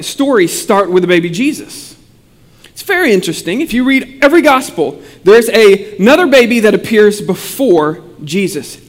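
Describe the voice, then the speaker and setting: A man pastor giving a sermon and telling a childhood story in an animated, humorous way. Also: sits high, big-room sound.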